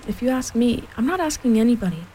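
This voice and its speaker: A glum old donkey grumbles along in a slow, resigned drawl, as a woman reads him aloud. The voice is mellow and soft, and faint rain patters behind the storybook reading. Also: fairly high pitch, expressive, a little hiss or hum, lightly acted, poor audio.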